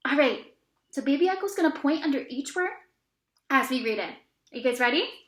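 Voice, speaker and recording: A woman teaching an early reading lesson to young children, speaking slowly and encouragingly with plenty of praise. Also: high-pitched, lively intonation, roomy sound. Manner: slow, exaggerated, encouraging teacher talk with praise.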